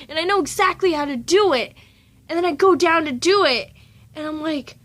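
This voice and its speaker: Teen girl, casual rambling vlog, lots of fillers, high-pitched voice. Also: lively intonation, a little fast, fairly bright tone. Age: teens. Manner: rambling, giggly, many fillers and restarts. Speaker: student vlogger.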